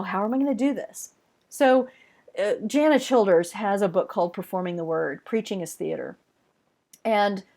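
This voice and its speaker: An expressive woman lecturing in a webinar in an easy, chatty way. Her voice sits in a middle register. She leans hard on key words, slows down to stretch them out for emphasis, and talks straight to her listeners as friends. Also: medium pitch. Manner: conversational, addressing listeners directly. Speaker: webinar presenter teaching worship design.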